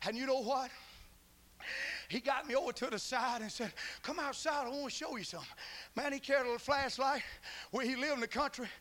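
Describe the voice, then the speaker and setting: A middle-aged man preaching a fervent revival sermon as pastor, shouting and crying out hallelujah. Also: extremely high pitch.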